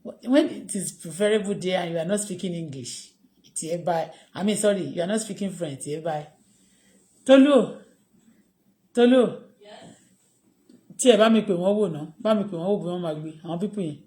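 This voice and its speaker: A woman's voice: on the low side, lively intonation, brisk, pauses often, mellow, poor audio. A woman with a Nigerian Yoruba accent, chatting casually on a live stream and switching between English and Yoruba with chuckling asides. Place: home in Canada.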